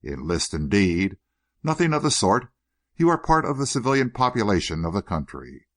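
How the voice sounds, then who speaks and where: A man voicing a suave, solicitous older gentleman schemer with a smooth, faintly ironic manner. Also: on the low side, sing-song, normal speed. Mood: silky.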